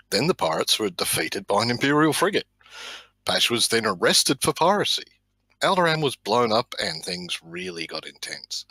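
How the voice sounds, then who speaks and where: A man reading his character's backstory aloud at a tabletop game session held over an online voice call, steady with small slips. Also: lowish voice, breathy edge, no echo, poor audio. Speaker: player.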